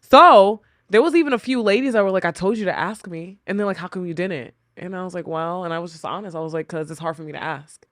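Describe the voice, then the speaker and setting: A woman's voice: fairly low pitch, fast talker, few pauses, a bit bright, no room sound, studio quality. A woman on a podcast, speaking candidly and reflectively about personal struggles, often voicing her own past thoughts. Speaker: podcast guest, co-host wife. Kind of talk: candid conversational storytelling.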